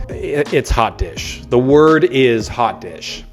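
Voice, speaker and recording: A man's voice: fairly high pitch, unhurried. A young man from Minnesota, a realtor, talking casually to camera in an upbeat, playful way with mock-stern asides. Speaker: realtor and relocation vlogger. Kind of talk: casual talking-head vlog. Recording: faint music underneath.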